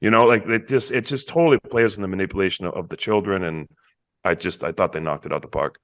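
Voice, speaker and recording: A man's voice: deep voice, a bit bright. A man co-hosting a horror movie podcast, talking enthusiastically about films with frequent restarts and acted-out quotes. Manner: enthusiastic, halting, repeats words. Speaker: podcast co-host. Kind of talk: casual movie review chat.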